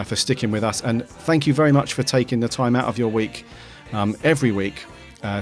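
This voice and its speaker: A man hosting a podcast, talking in a relaxed, friendly way and thanking listeners. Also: lowish voice. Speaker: podcast host and founder. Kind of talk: casual chat.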